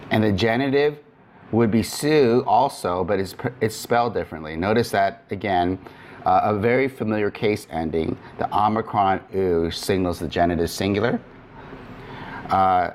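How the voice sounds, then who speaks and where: A man's voice: fairly low pitch, slight background noise. A man teaching Greek grammar in a recorded lecture, explaining step by step with frequent fillers and restarts.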